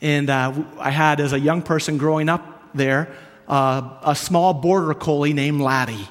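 A man from Canada preaching a sermon, earnest and storytelling, moving between hushed and emphatic. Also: fairly high pitch, fairly even intonation, measured pace. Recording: long hall reverb.

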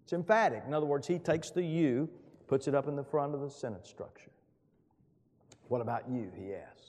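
A middle-aged man preaching a sermon, emphatic, with booming rises when he quotes scripture. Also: fairly quick, darkish tone. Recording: long hall reverb.

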